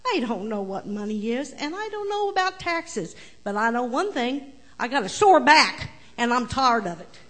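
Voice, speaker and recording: A put-upon donkey griping indignantly as a woman puts him on in a church children's story. The voice sits high and strained, full of exasperated outrage. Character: sore-backed grumbling donkey.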